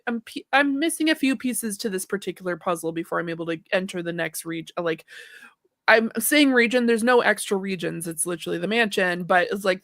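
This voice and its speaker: A woman's voice: medium pitch, no echo, studio quality. A woman co-hosting a gaming podcast, chatting casually and filling her talk with "like" as she tells stories. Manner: chatty, lots of "like" fillers, lively retelling. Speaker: podcast co-host.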